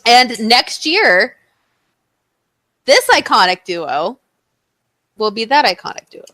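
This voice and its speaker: A young woman co-hosting a podcast in casual chat, telling stories in an animated way and acting out what people said. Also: a little high, slow, no echo. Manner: animated storytelling, acts out quotes. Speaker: podcast co-host.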